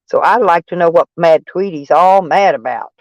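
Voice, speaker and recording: Here the same kind of Arkansas live-stream host, Southern-accented, reads viewer comments while rambling, mocking himself, and laughing. His voice is a little high with vocal fry at a normal speed, and the audio has no echo but its highs are cut off.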